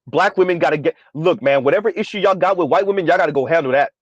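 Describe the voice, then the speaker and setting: Exasperated high-voiced man ranting. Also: quick pace, dry recording, highs cut off. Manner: sardonic, exasperated, repetitive emphasis. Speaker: commentary vlogger. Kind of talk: ranting commentary.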